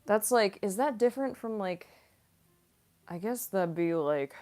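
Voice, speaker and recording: A woman's voice: medium pitch, expressive, unhurried, pauses often, a little mellow. A young woman voice actress chatting casually on a livestream Q&A, rambling and using lots of fillers. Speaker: voice actress and streamer.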